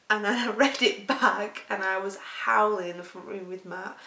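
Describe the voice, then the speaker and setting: With a sharp tone, medium pitch and normal speed, she barely pauses as she talks. A Lancashire weight-loss vlogger, she tells meandering, casual stories with plenty of laughter, heard in a roomy recording at a distance from the mic.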